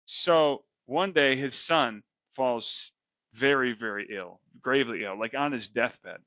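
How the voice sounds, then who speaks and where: A man's voice: medium pitch, slow pace, bright, forceful tone, dry recording, poor audio. Slangy man retelling Bible stories. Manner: slangy and chatty, lots of fillers. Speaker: podcast co-host.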